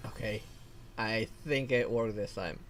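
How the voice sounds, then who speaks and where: A male VTuber streamer reading game dialogue aloud slowly, with casual commentary, laughs and mild swearing. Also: on the low side, slight background noise. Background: faint game music.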